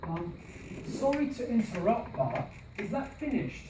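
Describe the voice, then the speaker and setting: A man's voice: high voice, sing-song, unhurried. A man teaching a class, modelling phrases with emphatic stress and asking students questions. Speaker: language teacher trainer. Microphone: far camera mic. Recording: roomy classroom from a distance, faint hiss.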